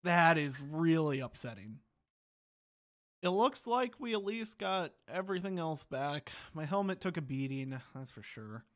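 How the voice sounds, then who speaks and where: A man's voice: on the high side, animated, unhurried, a bit bright. A young man giving gameplay commentary, exasperated and talking to himself as he plays. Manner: exasperated, talks to himself while playing. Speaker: gaming channel host.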